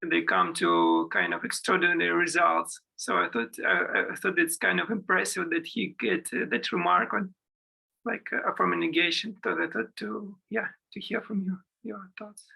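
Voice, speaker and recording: A man's voice: sits high, normal speed, gravelly, sharp tone, breathy edge, low-quality recording. A man asking his teacher a question about meditation, hesitant and full of fillers.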